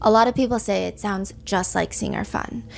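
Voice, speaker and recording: A woman hosting a podcast, telling a story in quick, animated casual chat with frequent asides. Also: medium pitch, gravelly, soft background music. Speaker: podcast host.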